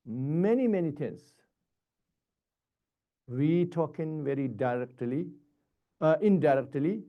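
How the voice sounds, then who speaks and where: Buddhist teacher guy talking really slow, choppy repeated phrases, kinda dull lo-fi sound. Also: on the high side, animated. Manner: halting, repetitive phrasing with short broken sentences. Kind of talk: dharma teaching.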